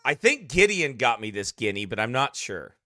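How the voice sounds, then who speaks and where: A man's voice: medium pitch, very animated, moderate pace, pushed and bright, no room sound, clean studio sound. A man, a pastor, chatting casually on a livestream, laughing often and in a goofy mood, his voice slightly strained.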